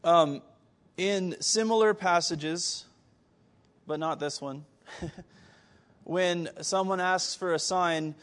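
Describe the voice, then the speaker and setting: A man delivers a sermon in a voice pitched higher than most men's. He keeps turning to his listeners with pointed rhetorical questions and sometimes stumbles and restarts his words. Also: takes it slowly, pauses often. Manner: animated, rhetorical questions to the congregation; occasional stammered restarts. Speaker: preacher.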